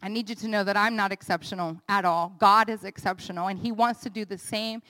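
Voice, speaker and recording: A woman's voice: medium pitch, steady tone, fairly quick, pushed and bright, long reverb tail. A woman in her thirties preaching an earnest, emotional testimony and leading a prayer. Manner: earnest, emotional, builds to fervent peaks.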